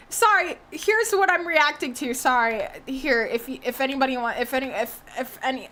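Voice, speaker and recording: Young woman streamer, high pitched, swears a lot, yells at stuff then rambles casual. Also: moderate pace, hardly any pauses, slight background noise. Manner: loud excitable reactions, shrieks and swears, then calmer rambling. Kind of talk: casual reaction stream chat.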